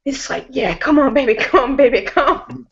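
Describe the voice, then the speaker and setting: A woman's voice: sits high, moderate pace. A young woman in a casual chat, giggly, blunt and teasing. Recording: dull lo-fi recording.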